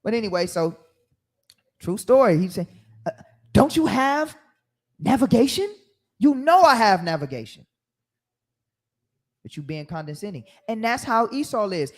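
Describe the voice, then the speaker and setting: Animated man teaching the Bible. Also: very high voice. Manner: animated storytelling, acting out quoted voices. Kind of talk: sermon-style Bible teaching.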